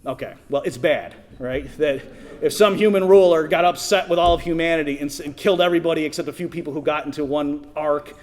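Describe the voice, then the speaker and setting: Middle-aged male conference speaker, slightly high voice, chatty, keeps asking the room "right?". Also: fast talker. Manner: conversational, asks the audience, many restarts and "right?". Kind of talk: conference talk. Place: conference hall.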